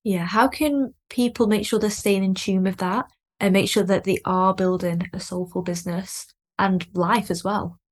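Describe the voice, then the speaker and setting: A woman's voice: medium pitch, steady tone, normal speed. A woman hosting a casual podcast chat, agreeing and conversational in manner. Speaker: podcast host.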